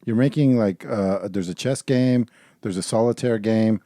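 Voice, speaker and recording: Male co-host, playful and profane, deep warm tone, dry room. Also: normal speed, no echo. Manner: joking, swears casually. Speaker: podcast co-host. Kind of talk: casual chat.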